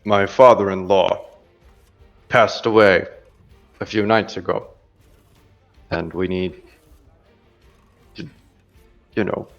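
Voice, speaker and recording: A man's voice: lowish voice, expressive, takes it slowly, dull audio, soft background music. A man voicing a forlorn old dwarf. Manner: hesitant, subdued, speaks softly. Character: grieving forlorn older male dwarf.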